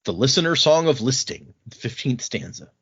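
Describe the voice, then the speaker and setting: Animated man recapping a book. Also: mid-range voice, husky. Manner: retells scenes with quick put-on voices for characters. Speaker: podcast host. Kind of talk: casual book discussion podcast. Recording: dull lo-fi audio.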